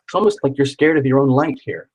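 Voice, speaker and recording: Guy doing a live tarot reading, husky voice, chatty and upbeat, repeats stuff a lot. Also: medium pitch, fast, a little mellow, poor audio. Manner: encouraging, chatty, repeats words for emphasis. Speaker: tarot reader.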